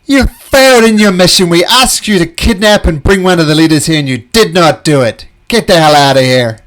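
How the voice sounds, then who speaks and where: A man voicing a gruff, hostile male bugbear guard who scolds and bargains bluntly, in a tabletop game. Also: mid-range voice, expressive, slow, exaggerated voice. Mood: scolding.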